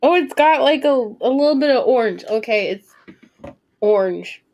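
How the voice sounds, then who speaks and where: A woman in her twenties streaming live gameplay commentary, chatting and thinking aloud, with sudden excited squeals and casual swearing. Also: fairly high pitch, moderate pace, dull audio.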